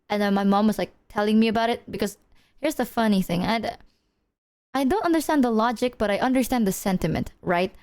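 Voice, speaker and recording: A young adult woman streamer chatting casually, animated and slangy, swearing and laughing as she talks to her chat. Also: a little high, fast talker. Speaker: livestreamer.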